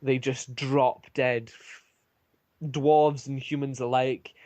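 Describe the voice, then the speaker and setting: A man narrating a tabletop game as game master, pausing often with ums and uhs. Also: medium pitch, little pitch movement, a little mellow, dry recording. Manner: hesitant, many ums.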